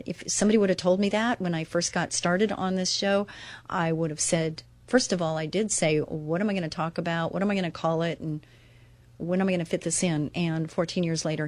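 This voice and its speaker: A woman's voice: fairly low pitch, no room sound. A middle-aged woman hosting her own faith-based radio show, chatting earnestly and reading scripture aloud with emphasis. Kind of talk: devotional talk radio monologue.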